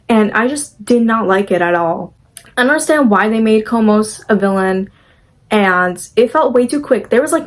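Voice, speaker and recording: A young woman talks through a movie plot in a loose, chatty vlog voice. She fills her sentences with "like" and sprinkles in her opinions. Now and then she drops into quick impressions of the characters. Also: a little high. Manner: chatty, full of "like" fillers, opinionated. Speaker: movie recap vlogger. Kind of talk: casual movie recap.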